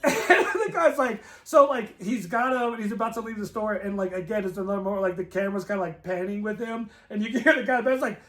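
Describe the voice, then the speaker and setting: A man with a notably high voice, chatting casually in a movie review and acting out scenes with plenty of laughter. He keeps the retelling lively and animated. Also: quick pace, hardly any pauses. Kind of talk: casual chat.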